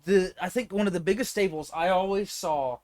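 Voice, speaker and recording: A man's voice: brisk, darkish tone. A young man co-hosting a casual podcast, joking, swearing and acting out stories. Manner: joking, acts out quotes in high voices, swears. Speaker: podcast co-host. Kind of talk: casual chat.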